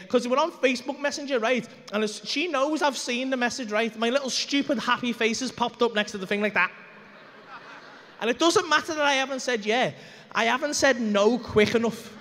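Male stand-up, high-pitched, rapid, sweary storyteller; live club reverb, faint room noise. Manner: animated, sweary, acts out quoted voices. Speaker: stand-up comedian. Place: comedy club stage.

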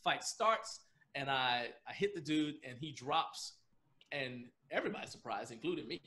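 A man's voice: mid-range voice, expressive, moderate pace, sharp tone. A man being interviewed on a podcast, telling a story in a loose, rambling way and laughing often as he goes. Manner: loose, rambling with frequent restarts and fillers. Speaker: podcast guest.

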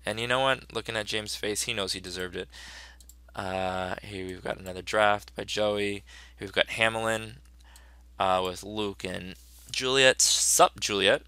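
A man teaching a class, reviewing student projects in a chatty, upbeat way. His voice sits a little low but has a bright, forceful edge. It is recorded dry and close, with no room sound. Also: steady tone, moderate pace, clear, resonant tone, dry recording. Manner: upbeat, chatty, with frequent fillers. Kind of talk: casual review of student work.

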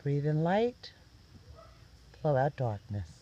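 A man leading a guided meditation, giving soft, gentle step-by-step instructions. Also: on the high side, very animated, takes it slowly, muffled recording. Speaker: meditation teacher.

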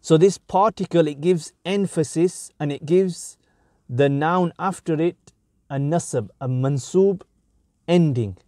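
A man giving a grammar lesson at an unhurried, measured pace, his voice mellow and low in brightness. He works through the explanation in short, careful phrases. The sound is dry and close, with no room echo. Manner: slow, deliberate, breaks sentences into short phrases. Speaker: Arabic grammar teacher.

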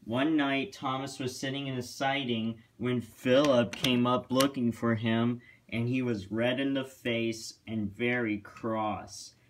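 A man narrating a homemade storybook tale about train engines in a plain, even manner. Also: medium pitch, slow, few pauses, noisy background.

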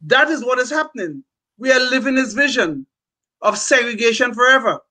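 A man's voice: very high voice, expressive, a little fast, pushed and bright. An older man co-hosting a political talk show, speaking emphatically with frequent restarts. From California. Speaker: podcast co-host. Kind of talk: political commentary.

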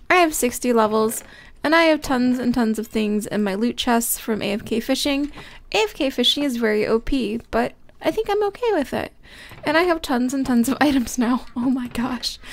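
Young woman, high-pitched, excitable, gushing gameplay chatter. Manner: gushing, excitable, squeals of delight. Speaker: Minecraft let's play host. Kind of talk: casual gameplay commentary.

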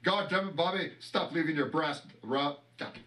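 A man putting on a rough imitation of a gruff cartoon dad scolding his son, half laughing as he goes. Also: a little high, normal speed, pushed and bright, slight background noise, pitched above the performer's own voice. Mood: mock scolding. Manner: mock-angry, laughing through it.

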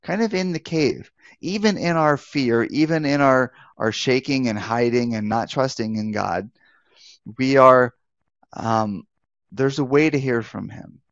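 A man's voice: medium pitch, measured pace, a bit bright, no echo, dull audio. A man teaching as a pastor in a live online Bible talk, speaking conversationally, restarting phrases and asking rhetorical questions. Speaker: pastor and life coach.

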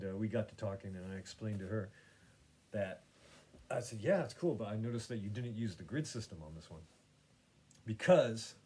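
Low-voiced man rambling about art. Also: darkish tone, husky. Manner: meandering, many fillers and restarts. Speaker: podcast host and painter. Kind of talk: casual rambling chat.

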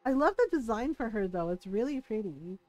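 A woman's voice: on the high side, very animated, fairly quick, a little mellow. A woman streaming a game live, bubbly and giggly, rambling and joking at her own expense. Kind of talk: live gameplay commentary.

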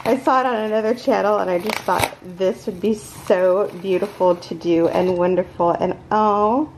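A woman hosting a crochet channel, gushing and stammering with excitement as she opens packages from followers. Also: mid-range voice, moderate pace, slight background noise, poor audio. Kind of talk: excited unboxing vlog.

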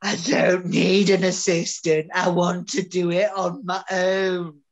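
A woman's voice: fairly low pitch, flat delivery, slow, crowd noise. A woman playing a petulant, self-pitying male theatre director in an online student drama. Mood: sulky. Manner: whiny, sulky, melodramatic. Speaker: student actor. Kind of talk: online amateur drama over video call. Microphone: video call. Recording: dull lo-fi video call audio.

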